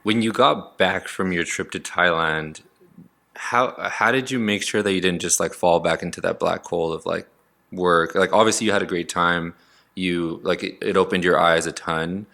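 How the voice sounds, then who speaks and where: A man's voice: low voice, fairly even intonation, moderate pace, creaky, bright, forceful tone. A man hosting a casual interview, asking long, hesitant questions full of fillers. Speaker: podcast host.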